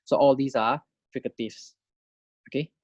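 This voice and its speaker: A man teaching a phonetics lesson, explaining consonant types in a patient, explanatory way, demonstrating sounds slowly and checking in with "right?" and "okay". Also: mid-range voice, steady tone, darkish tone, no room sound, muffled recording. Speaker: language teacher. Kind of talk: phonetics lecture.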